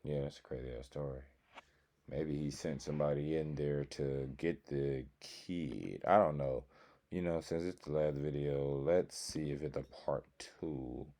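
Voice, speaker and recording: A man's voice: rumbling low, fairly even intonation, a little slow, warm tone. A man reacting to a video with casual commentary, blunt and profane in his opinions. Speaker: reaction streamer.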